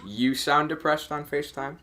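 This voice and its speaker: A man calling a hockey game live in a reaction stream, his voice very bright and cutting. He sits a little high for a man and jumps in energy whenever a penalty comes. Between plays he drifts into loose, chatty asides. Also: moderate pace. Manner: excitable, gets loud on penalties. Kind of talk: live play-by-play reaction commentary.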